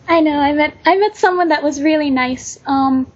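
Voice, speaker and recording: Teen girl interviewee, high and unsure, on a dull lo-fi podcast line. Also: moderate pace. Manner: hesitant, lots of ums. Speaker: guest, aspiring voice actor. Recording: dull lo-fi recording.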